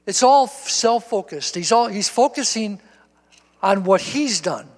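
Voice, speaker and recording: A man's voice: high-pitched, animated, unhurried, big-room sound. A male pastor preaching a sermon, reading scripture aloud and applying it to his listeners, repeating words for emphasis.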